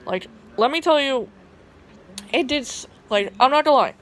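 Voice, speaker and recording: Telling a personal story to her phone camera, a young vlogger with a Southern US twang rambles and swears, with plenty of fillers and restarts. Her voice sits high and a bit bright, animated at a moderate pace.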